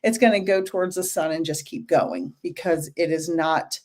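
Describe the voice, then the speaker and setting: A woman's voice: sits low, steady tone, moderate pace, a little mellow. A woman hosting a casual live stream Q&A as a medium, chatty and greeting viewers by name, a little out of breath.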